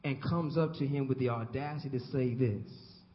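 A man's voice: mid-range voice, normal speed. A man preaching a sermon. He repeats lines for emphasis and calls on the congregation to respond. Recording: dull lo-fi recording.

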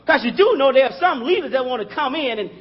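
A man's voice: very high-pitched, lively intonation, fast talker, dull audio. A man preaching a sermon in a conversational style, calling out to the congregation and chuckling as he talks.

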